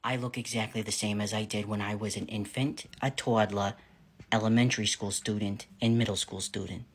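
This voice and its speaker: A man from New Hampshire with a New England accent, telling casual storytime tales in a wry, profane way that grows louder and more animated. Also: lowish voice, moderate pace, slightly rough. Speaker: vlogger.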